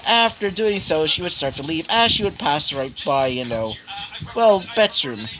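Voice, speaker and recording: A man's voice: fairly high pitch, lively intonation, normal speed, over music. A young man improvising a fan story aloud, rambling with many fillers. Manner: rambling, full of 'you know' and 'basically'.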